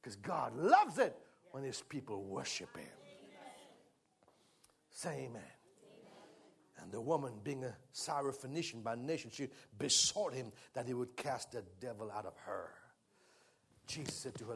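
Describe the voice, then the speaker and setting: A man preaching a sermon, moving from quiet, conversational teaching to loud, fervent worship leading. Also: mid-range voice, lively intonation, normal speed, creaky, long pauses. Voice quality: speaks in tongues during worship.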